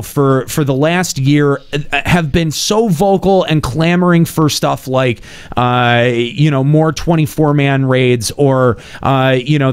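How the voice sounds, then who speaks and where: A man hosting a podcast, chatting casually with a caller in an animated way, full of fillers and restarts. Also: on the high side, clean tone. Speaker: podcast host.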